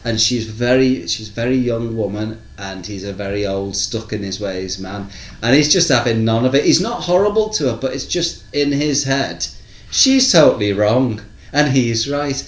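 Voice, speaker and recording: A man's voice: mid-range voice, animated, normal speed, few pauses. A man chatting casually as a podcast co-host, telling long stories and acting out what people said. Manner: rambling storyteller, acts out quotes in other voices. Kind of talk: casual chat. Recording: echoey room.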